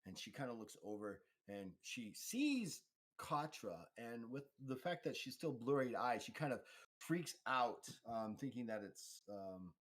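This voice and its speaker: A man narrating as game master of a tabletop game, halting with many pauses. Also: mid-range voice, big pitch swings.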